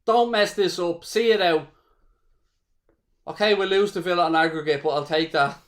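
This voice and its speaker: A man from Ireland with a high voice talks at normal speed. He's the host of a live football watchalong, narrating play as a fan, swearing liberally and engaging with viewers.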